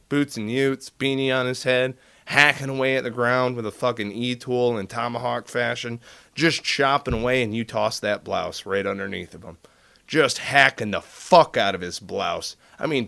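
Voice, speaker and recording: Man, podcast storyteller; profane, animated, does the voices. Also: mid-range voice, moderate pace, creaky. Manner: profane, animated, acts out dialogue. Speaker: podcast guest telling military stories. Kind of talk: casual storytelling.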